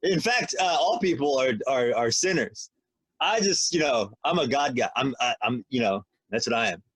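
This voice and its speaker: A man's voice: mid-range voice, animated, moderate pace, fairly bright tone, breathy edge, no echo. A man co-hosting a podcast in casual chat, rambling and joking as he talks. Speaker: podcast co-host.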